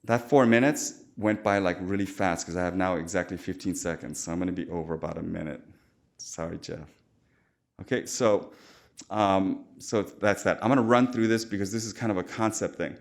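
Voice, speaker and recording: A man's voice: deep voice, moderate pace, gravelly. A man lecturing as a surgeon at a medical conference, informal and chatty, with jokes and quoted asides. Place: lecture hall.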